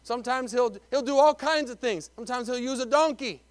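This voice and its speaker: A man preaching a sermon, emphatic, repeating words and swinging between loud lines and hushed ones. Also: very high-pitched, a little fast, clean tone, dry recording. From Texas. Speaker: pastor.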